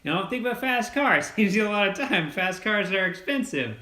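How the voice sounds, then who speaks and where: A young man hosting a casual farm livestream, upbeat and quick as he thanks donors by name. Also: high-pitched, expressive, sharp tone. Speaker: channel host reading donations. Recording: roomy echo.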